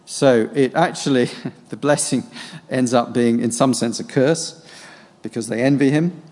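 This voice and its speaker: A man's voice: medium pitch, a little mellow. Musing man in a reverberant hall. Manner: reads scripture aloud, then muses on it with pauses and fillers. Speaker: preacher preparing a sermon. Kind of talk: thinking aloud through a Bible passage.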